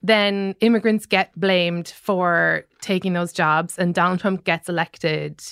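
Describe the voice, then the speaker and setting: A woman's voice: lowish voice, steady tone, takes it slowly, creaky, a bit bright, clean tone. A woman guest on a podcast, speaking in a thoughtful way and often agreeing. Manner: thoughtful, agreeing with many yeahs. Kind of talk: casual discussion.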